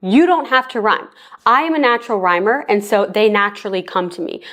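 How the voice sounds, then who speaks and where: A woman's voice: mid-range voice, a little fast, fairly bright tone. A woman teaching a songwriting lesson, explaining plainly step by step and speaking straight to the viewer. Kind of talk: casual spoken lesson.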